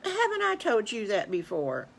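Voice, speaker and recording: An older woman voicing a motherly pig who gently scolds in a singsong way. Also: mid-range voice, wildly swooping pitch, moderate pace, creaky, pitched above the performer's own voice, exaggerated voice. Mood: teasing. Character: motherly pig, patient and teasing.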